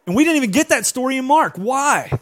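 A man preaching a sermon as pastor, animated and often putting questions to his congregation. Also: very high-pitched, fast talker.

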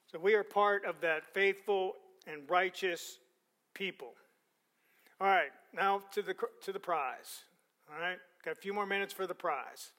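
A man preaching a sermon, reading scripture aloud, repeating words for emphasis and letting his voice fall softly at the ends of phrases. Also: high-pitched. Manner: repeats words for emphasis, quick conversational asides.

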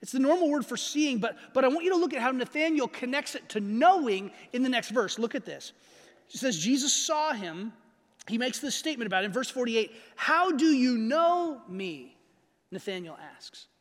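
A pastor with a strikingly high voice preaches a sermon, his words trailing off into the long reverb of a large church hall. Animated and conversational, he slows sharply to stress key phrases and keeps asking the audience if they're following.

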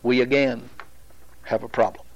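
A man teaching a Bible study, explaining at a deliberate pace with pauses and restarts. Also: mid-range voice, level tone, lo-fi sound, slight background noise.

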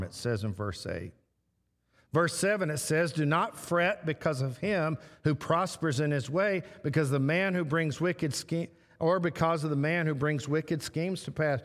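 A man preaching a sermon as pastor, slow and repetitive, stressing short phrases again and again. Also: on the high side. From Texas. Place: church sanctuary. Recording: long church hall reverb.

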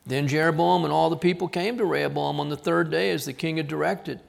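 A man from South Texas, preaching a sermon as a pastor, with an earnest delivery that drops to quiet emphasis on key words. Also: on the high side, fairly even intonation, brisk, creaky.

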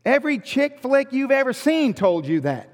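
High-voiced preacher in a reverberant hall. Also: male voice, normal speed. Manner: animated, rhetorical questions, joking asides. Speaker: pastor. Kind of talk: sermon.

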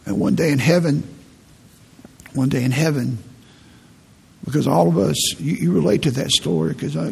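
A man's voice: fairly high pitch, moderate pace, pauses often. A middle-aged male pastor preaching a sermon, telling stories in an earnest, pastoral way. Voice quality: gravelly, husky. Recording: long reverb in a large hall.

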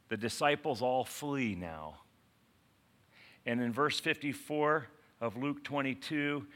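A man preaching a sermon in an animated way, acting out quotes and asking the congregation questions. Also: mid-range voice. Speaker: pastor.

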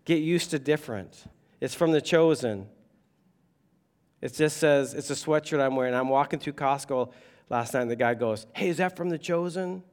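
A man preaching a sermon, animated and conversational, with humor and asides to the congregation. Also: medium pitch, normal speed. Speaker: pastor.

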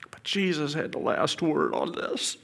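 A man's voice: a little high, big pitch swings, a little slow, vocal fry. A middle-aged man giving an earnest, emotional personal testimony as a father. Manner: earnest, emotional storytelling with quiet whispered prayers.

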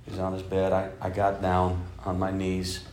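Low-voiced man preaching in an echoey hall. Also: monotone, moderate pace, a little hiss or hum. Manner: storytelling preacher, swinging from loud emphasis to soft, hushed delivery. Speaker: bishop preaching to a congregation. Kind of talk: sermon. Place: church sanctuary.

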